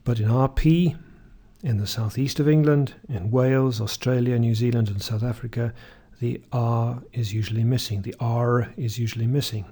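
A man teaching English pronunciation, reading word lists slowly and clearly and asking the listener to repeat. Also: medium pitch, fairly even intonation, mellow. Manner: reads word lists slowly, often drawing words out, with "uh" fillers between them. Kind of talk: slow, deliberate pronunciation drill.

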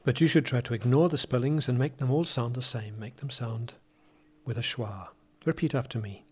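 A man teaching pronunciation, saying single words one by one in a careful, deliberately articulated drill. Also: medium pitch, darkish tone, slightly rough.

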